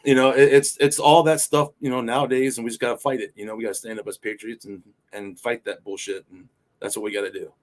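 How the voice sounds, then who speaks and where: A man co-hosting a casual podcast, his voice sitting at an ordinary mid pitch. He rambles, circles back on himself and fills his stories with swearing and stock phrases. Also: level tone, quick pace. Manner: rambling storyteller, profane, leans on "you know". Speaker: fill-in podcast co-host. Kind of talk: casual chat.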